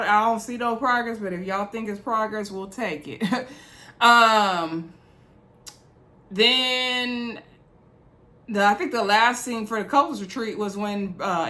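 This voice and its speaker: A chatty woman recaps a reality show straight to her viewers. She talks casually and laughs easily, calling her audience y'all. Her voice sits at a middle pitch, neither high nor low. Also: pushed and bright.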